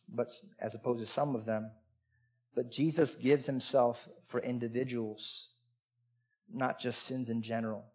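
A man preaching a sermon, intense and emotional, swinging from quiet asides to loud outbursts and calling his listeners "guys" and "y'all.". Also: medium pitch.

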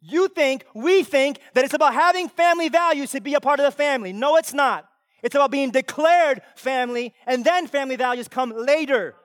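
A pastor preaching a sermon with emphatic delivery that swings from loud to hushed. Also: male voice, very high-pitched, brisk, dry recording, clean studio sound.

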